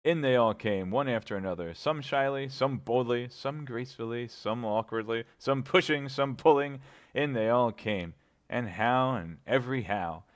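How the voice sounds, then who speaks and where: A man reading a classic novel aloud in a relaxed, amused, animated way. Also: mid-range voice, normal speed. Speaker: reader.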